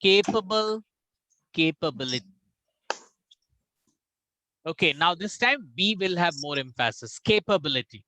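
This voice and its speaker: Indian english guy teaching pronunciation, bright crisp voice, says words over and over, dry close sound. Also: high-pitched, no room sound, poor audio. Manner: drills words by slow repetition, mixing in Hindi. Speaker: spoken English coach. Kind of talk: online pronunciation class.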